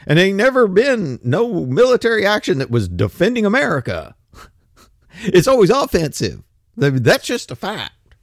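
A man's voice: high voice, wildly swooping pitch, normal speed, creaky, no room sound, clean studio sound. A man in his fifties delivering a blunt, opinionated monologue, ranting and swearing casually. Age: 50s.

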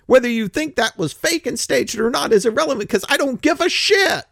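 Gravelly older man ranting. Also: extremely high pitch, lively intonation, a little fast, a bit bright, no room sound, studio quality. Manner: grumpy, blunt, swears, acts out other voices. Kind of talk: ranting monologue.

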